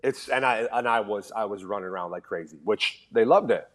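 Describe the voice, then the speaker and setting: Low-voiced man telling hockey stories. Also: brisk. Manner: animated storyteller, acts out quoted dialogue. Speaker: podcast guest, former pro hockey player. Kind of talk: casual storytelling interview.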